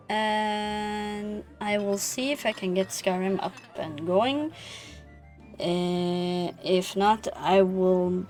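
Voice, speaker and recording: A woman's voice: mid-range voice, darkish tone. A woman streaming a game, chatting casually and thinking aloud with an amused tone. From Norway. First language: Norwegian.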